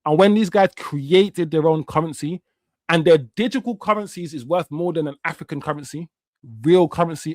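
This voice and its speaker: A man's voice: fairly high pitch, no room sound. A man, hosting a live watch-along stream in a heated, slang-filled rant that often swears. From Jamaica. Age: 50s.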